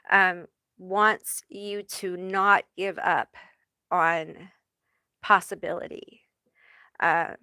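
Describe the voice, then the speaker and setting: A woman reads tarot on a live stream, speaking slowly and haltingly, often pausing with fillers. She is emotional and near tears. Her voice is bright but sits a little low, recorded close and dry. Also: smooth, dry recording. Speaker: tarot reader. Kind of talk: live spiritual tarot reading.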